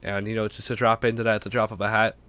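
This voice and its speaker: A man's voice: lowish voice, flat delivery, very fast, fairly bright tone, dry recording. A young man with a stuffy, sick voice rambling casually and profanely on his own podcast late at night. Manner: rambling, self-deprecating, profane. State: sick, congested. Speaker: podcast host. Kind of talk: casual solo podcast talk.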